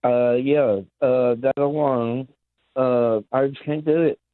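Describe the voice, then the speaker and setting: A man's voice: mid-range voice, steady tone, takes it slowly, no room sound. A male caller from Tennessee comes through a tinny phone line, dry and thin. He talks in a hesitant way, stopping on fillers as he makes his point. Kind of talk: call-in conversation.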